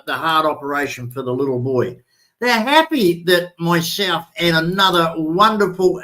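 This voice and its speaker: A man's voice: sits high, a bit bright, poor audio. An Australian man hosting a livestream, talking indignantly and repeating himself when worked up. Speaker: livestream host. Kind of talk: heated livestream chat.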